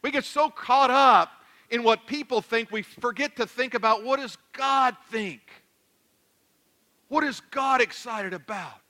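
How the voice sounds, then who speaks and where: A male pastor preaching a sermon, animated and joking, swinging between loud declarations and hushed asides. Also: extremely high pitch, a little slow.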